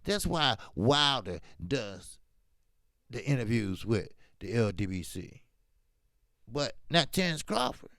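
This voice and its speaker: Slow and medium-pitched, this man's voice comes through clean and echo-free in a studio recording. He's hosting a laid-back boxing commentary stream, talking emphatically and with lots of energy, sliding into slang.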